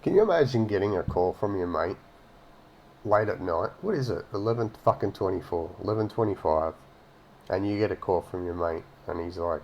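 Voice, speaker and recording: A man's voice: deep voice, brisk, creaky, a little mellow, slight background noise. A man giving sarcastic, swear-filled commentary while reacting to a video. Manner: sarcastic, swears freely, mocking asides. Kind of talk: casual profane commentary over a video.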